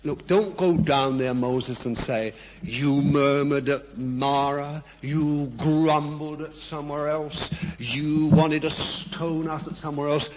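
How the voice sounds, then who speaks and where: Gentle, coaxing God, played by a male preacher; fairly high voice, lo-fi, long echo. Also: fairly even intonation, slow, background noise. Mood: tender. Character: patient, tender God speaking to Moses. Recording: dull lo-fi echoey hall.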